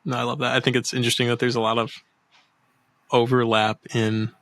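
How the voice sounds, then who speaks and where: A man's voice: mid-range voice, little pitch movement, fairly quick, a bit bright. A man hosting a casual interview, attentive and giving frequent mm-hmms. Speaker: podcast host.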